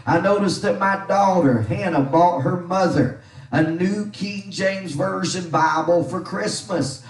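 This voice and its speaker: A middle-aged man preaching a sermon as pastor, reading scripture and leading his congregation in call-and-response. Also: sits high. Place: church sanctuary. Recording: echoey church hall from far off.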